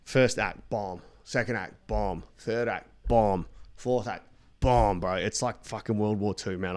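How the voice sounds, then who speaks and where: A man's voice: lowish voice, a little slow. A young Australian man, a comedian, telling blunt, sweary stories in casual chat. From Perth, Western Australia. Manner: blunt, sweary, animated storyteller. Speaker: comedian guest.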